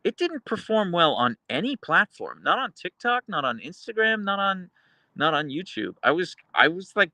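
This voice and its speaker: A man's voice: high voice, sing-song, normal speed, sharp tone, no room sound. Chatty man hosting a live stream. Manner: chatty, rambling, lots of fillers; baby-talks his dogs at times. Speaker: livestream host reading chat. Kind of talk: casual live chat.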